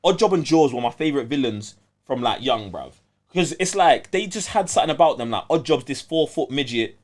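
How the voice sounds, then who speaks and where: Lively man on a podcast. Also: medium pitch. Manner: animated, slangy, quick back-and-forth. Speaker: podcast co-host. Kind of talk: casual chat.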